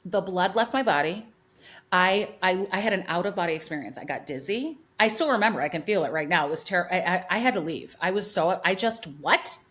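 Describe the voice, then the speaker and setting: A woman's voice: lowish voice, lively intonation, brisk, a bit bright. Emphatic middle-aged woman storyteller. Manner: emphatic storyteller, many restarts and repeats. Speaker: guest hairdresser and educator. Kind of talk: animated podcast conversation.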